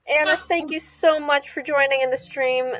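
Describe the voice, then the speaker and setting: A woman's voice: sits high, fairly even intonation, moderate pace, fairly bright tone, highs cut off. A woman hosting a casual podcast, chatty and giggly. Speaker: podcast host and streamer.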